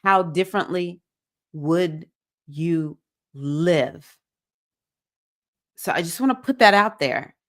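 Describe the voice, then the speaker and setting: Southern lady leading a women's circle livestream, preachy and excitable. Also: fairly low pitch, takes it slowly, long pauses. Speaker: spiritual circle host. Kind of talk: livestream talk to a women's group.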